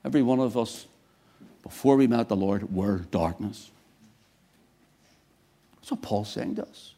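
Preacher man with a dark voice. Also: lowish voice, measured pace. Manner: swings from quiet to loud emphatic bursts. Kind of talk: sermon.

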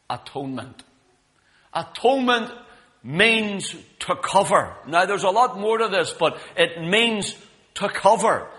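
Bright high-voiced preacher in a reverberant hall. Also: male voice. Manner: emphatic, storytelling with voiced quotes. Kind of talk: sermon.

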